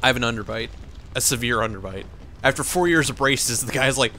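Bright-voiced young man rambling over gameplay. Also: medium pitch, a little fast, slight background noise. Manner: rambling, jokey, laughs often. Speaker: let's play gamer. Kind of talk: casual gameplay commentary.

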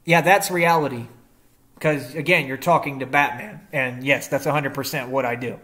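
A man's voice: medium pitch, steady tone, moderate pace, bright, forceful tone. A young man in a confrontational rant to the camera, defiant and combative, using slangy street talk and rhetorical questions. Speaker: vlogger.

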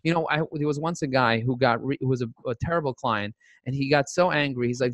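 A man talking as a podcast guest in an animated, motivational way, full of catchy rhymes. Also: mid-range voice, quick pace, no room sound. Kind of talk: energetic interview talk.

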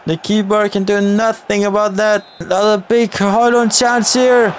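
A man giving excited live commentary on his own football video game career mode, often exclaiming at chances and shouting at the players. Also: high voice, a little slow, few pauses, noisy background. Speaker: gaming YouTuber.

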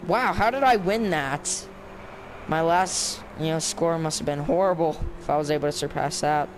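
A man's voice: a little high, moderate pace. A man giving casual, sarcastic let's-play commentary while grumbling at the game. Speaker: gameplay commentator. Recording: clear background noise with game car sounds.

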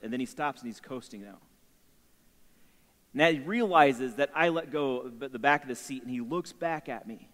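Animated man preaching in a reverberant chapel. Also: mid-range voice, moderate pace. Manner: animated, acts out quotes of himself and his son. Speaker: chapel speaker. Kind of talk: storytelling sermon. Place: university chapel. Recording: long hall reverb.

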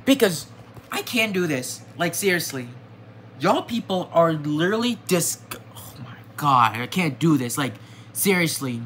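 A young adult vlogger ranting to viewers in an agitated way, repeating themselves, with the voice jumping high and loud whenever they get upset. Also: big pitch swings, moderate pace, a little hiss or hum. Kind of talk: ranting to camera.

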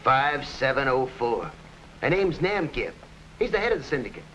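A sneering gangster boss. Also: male voice, mid-range voice, big pitch swings, moderate pace, sharp tone, slight background noise. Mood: gloating. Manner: sneering, gloating, hard-boiled. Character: scheming gangster boss Flat Top, grown man. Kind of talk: 1940s radio acting. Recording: dull old radio recording.

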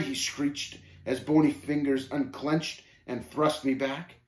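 A man reading a story aloud, narrating with expressive storytelling. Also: mid-range voice, slow, hardly any pauses, roomy sound. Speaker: reader.

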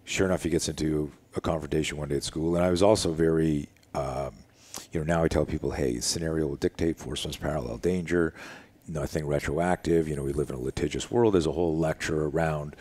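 A man's voice: a bass voice, a little fast, slightly rough. A middle-aged man, a self-defense instructor, telling a story in a casual conversation and acting out the voices of the people in it. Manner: animated storyteller, acts out quoted voices. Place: living room.

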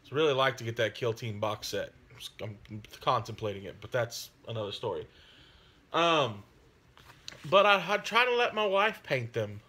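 A man talking casually on his hobby channel, friendly and rambling, with frequent pauses and fillers. His voice has a bright, forward ring. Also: medium pitch, animated. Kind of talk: casual chat.

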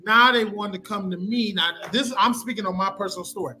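A man's voice: high-pitched, brisk, over music. A man making his point emphatically in casual podcast talk. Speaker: podcast co-host.

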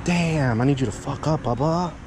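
Standing outdoors near parked cars, a male dog trainer talks at length as he explains a session to an owner, swearing casually and checking in with "yeah?" and "okay?". His voice is on the high side and moves at a moderate pace. The background is noisy.

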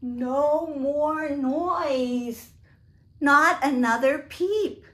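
A woman's voice: high voice, extremely slow, fairly bright tone, voice pushed up, exaggerated voice. Sleepy storybook queen, fretful, pleading, slightly raised voice, woman reading. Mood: exasperated.

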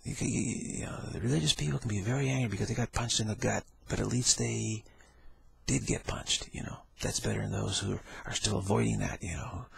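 Gravelly rambling man talking spirituality. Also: on the low side, fairly quick, no echo. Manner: laughing, repetitive, acts out quoted voices. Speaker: spiritual teacher.

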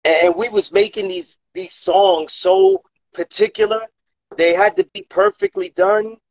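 A man's voice: high-pitched, a little slow, no echo, lo-fi sound. A man from Brooklyn with a New York accent, a hip hop journalist and rapper telling stories on a casual live stream, acting out quotes. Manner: animated storyteller, acts out quotes.

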